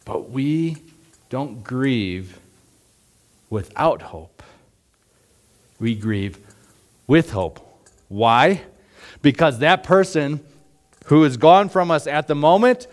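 A man in his forties gives a sermon at a slow, easy pace. He talks like he's chatting, with fillers, restarts and rhetorical questions to the congregation. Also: on the high side, lively intonation. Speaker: pastor.

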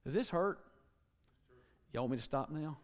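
A man preaching a sermon, animated, acting out quotes and joking with the congregation. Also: on the high side, normal speed, long reverb tail.

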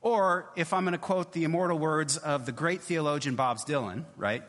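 Higher-voiced man preaching in a reverberant church. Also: moderate pace, fairly bright tone. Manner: conversational, repeats "right?" often. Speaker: pastor. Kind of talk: sermon.

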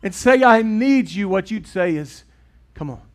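Middle-aged man, pastor preaching, higher-pitched voice, earnest, loud then hushed. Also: expressive, measured pace. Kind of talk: sermon. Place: church sanctuary with congregation.

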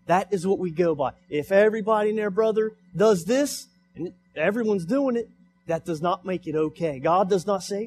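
A man's voice: high voice, normal speed, a little mellow, a little hiss or hum. A young man preaching a sermon in church, repeating his points with rising emphasis. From United States. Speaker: pastor. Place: church sanctuary.

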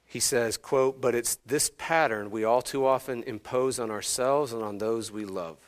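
A man in his thirties preaching a sermon as pastor, swinging from hushed, slow phrases to emphatic, rising ones. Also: mid-range voice.

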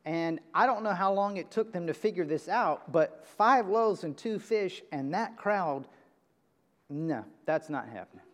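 A man preaching a sermon from a church pulpit, emphatic, jumping from loud high bursts to quiet low lines. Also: animated, a little slow. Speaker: pastor. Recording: reverberant church hall.

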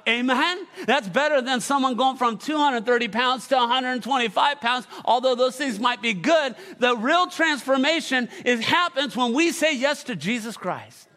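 A male pastor delivers a sermon in a strikingly high, bright voice. He tells the story with animated energy and keeps prompting the congregation to answer.

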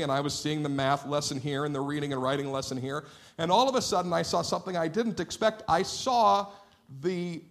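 Animated pastor man preaching. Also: a little high, vocal fry. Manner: animated, playful storyteller who acts out dialogue. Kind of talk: sermon with personal storytelling. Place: church sanctuary.

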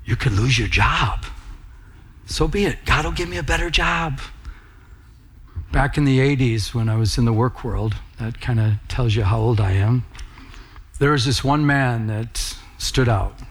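A man's voice: mid-range voice, steady tone, moderate pace, slightly rough. A middle-aged man preaching a sermon as pastor, telling personal stories in an earnest, conversational way.

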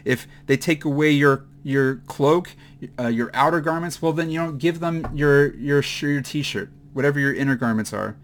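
A man giving a mid-week Bible teaching, halting with many fillers and restarts, at times choked up with emotion. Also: fairly high pitch, a little hiss or hum.

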